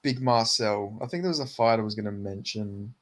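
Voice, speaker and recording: A man's voice: fairly low pitch, brisk. A man co-hosting a casual podcast, telling stories with frequent swearing and laughter. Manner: profane, laughing, storytelling. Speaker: podcast co-host. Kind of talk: casual chat about MMA.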